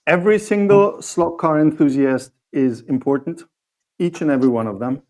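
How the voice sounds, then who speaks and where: A male co-host chats casually on a livestream, his voice sitting a little higher than most men's. He talks in halting bursts, circling back and reaching for the right word before he finishes a thought. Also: darkish tone. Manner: halting, searches for words. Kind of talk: casual chat.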